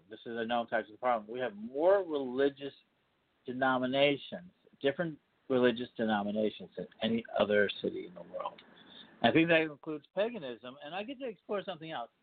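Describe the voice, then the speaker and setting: A man's voice: mid-range voice, very animated, fairly quick, dry recording. A man from Chicago hosting a casual interview podcast, rambling with frequent restarts and fillers. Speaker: podcast host. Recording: dry, tinny phone-line sound.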